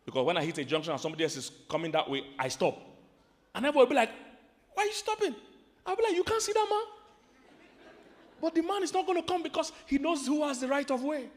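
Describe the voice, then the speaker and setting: High-voiced Nigerian preacher in a reverberant hall. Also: male voice. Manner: swings from shouting emphasis to quiet asides, asks the crowd questions. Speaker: marriage preacher. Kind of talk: sermon to a live audience. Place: large hall with an audience. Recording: hall reverb from a large venue.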